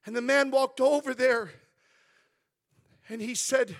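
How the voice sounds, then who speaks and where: A man's voice: very high-pitched, takes it slowly. A male pastor preaching a sermon in church, telling stories in an earnest way.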